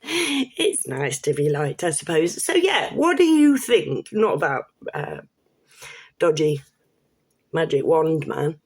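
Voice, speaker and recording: A woman's voice: deep voice, sing-song, slow, pauses often, darkish tone, slightly rough. A British woman in her fifties, vlogging in a blunt, rambling, sweary way with frequent restarts. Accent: British English. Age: 50s. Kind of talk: casual monologue to camera.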